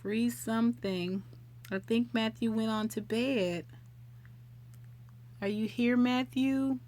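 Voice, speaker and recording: A woman's voice: on the high side, slow pace, a little mellow. Middle-aged woman host, easygoing live chat with viewers, homespun expressions. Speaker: livestream host.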